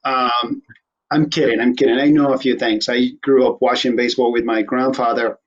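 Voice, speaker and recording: A man's voice: mid-range voice, flat delivery, normal speed, highs cut off. A man hosting a casual interview show, joking irreverently and swearing offhandedly. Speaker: host.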